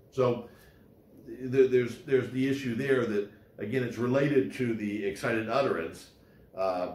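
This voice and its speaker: Rambling male law lecturer in an echoey room. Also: lowish voice. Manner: rambling, with frequent fillers and restarts. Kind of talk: casual recorded lecture.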